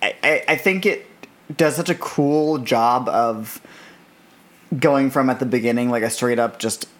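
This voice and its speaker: A podcast co-host with a voice of middle pitch, chatting casually about movies. The speech is thoughtful and winding, full of fillers and small restarts as the ideas form. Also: measured pace. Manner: thoughtful, explains at length with fillers. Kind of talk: casual film discussion.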